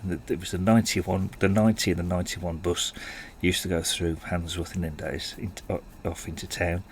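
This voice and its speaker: A man's voice: low-pitched, flat delivery, fairly quick, slight background noise. A man, telling stories in a rambling, self-deprecating way and chuckling often. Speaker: podcast host. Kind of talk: casual storytelling monologue.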